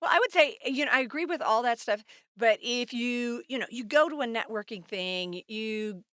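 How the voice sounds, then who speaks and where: A woman co-hosting a podcast in casual chat, animated and acting out little scenes in quoted voices. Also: a little high, normal speed, smooth, dry recording, clean studio sound. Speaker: podcast co-host.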